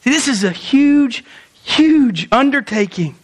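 A young man preaching a sermon as pastor, animated, asking rhetorical questions and acting out quoted lines. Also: very high-pitched, takes it slowly.

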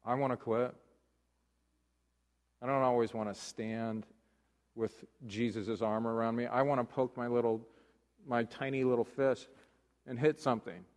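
A male pastor giving a conversational sermon, moving between hushed talk and loud emphasis. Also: mid-range voice, flat delivery, a little slow, long pauses, big-room sound.

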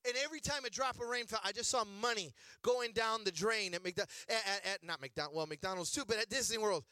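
A middle-aged male preacher with a very high, bright and forceful voice, in a dry, close sound. He tells funny stories in an animated way, acts out the quotes and works up to shouted exhortations. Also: a little fast, dry recording. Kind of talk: humorous storytelling sermon.

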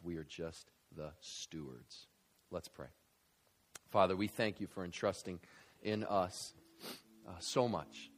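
A man in his thirties, a pastor preaching a sermon in an animated, conversational way, with asides and fillers. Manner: animated preaching with big swings in loudness and pitch. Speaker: visiting pastor.

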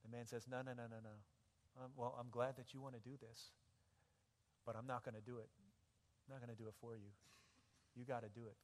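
A man preaching a sermon as a pastor, telling a dramatic story that swells into loud, impassioned shouting. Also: mid-range voice, flat delivery, a little fast. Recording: echoey hall with long reverb.

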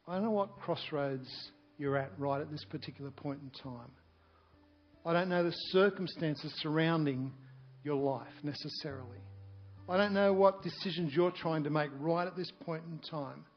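A male pastor delivers a sermon in an earnest, pleading voice that sits fairly high. The recording sounds dull and lo-fi. A guitar plays faintly behind him. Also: moderate pace. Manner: earnest and pleading, building to fervent scripture reading. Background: faint guitar music.

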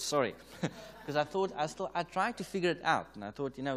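A man's voice: a little high, animated, a little fast, a bit bright. A South African man preaching at a conference, telling a story and acting out the conversations in it, with frequent chuckles. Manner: anecdotal, re-enacts dialogue, chuckles often. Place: church or conference hall.

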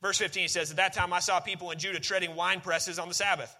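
A man's voice: high-pitched, fairly even intonation, quick pace, pushed and bright. A man preaching a sermon, conversational and emphatic, often repeating key phrases. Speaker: pastor.

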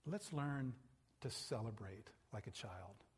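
A man's voice: on the low side, slow, husky. A male pastor preaching a sermon and telling stories with animation. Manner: animated, acts out the people in his stories. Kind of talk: sermon storytelling. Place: church sanctuary.

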